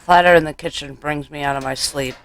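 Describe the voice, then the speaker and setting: A man's voice: on the high side, fairly even intonation, fairly quick, fairly bright tone, smooth, no room sound. A man reading a horror game aloud for a let's play, wry and casual, on a close mic.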